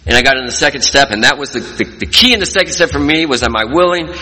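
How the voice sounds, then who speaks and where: A man's voice: mid-range voice, lively intonation, fast talker, sharp tone, breathy edge. A man sharing his recovery story in an earnest, folksy storytelling way at a meeting. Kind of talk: personal testimony talk. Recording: long hall reverb.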